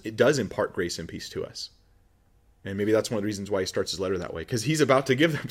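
A man preaching as a pastor, talking through a scripture passage in a relaxed, conversational way and acting out quoted voices. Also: on the low side. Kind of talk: sermon.

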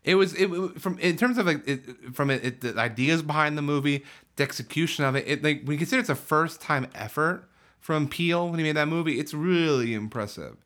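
A man in casual chat, giving quick, opinionated takes with eager energy. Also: on the high side, a bit bright.

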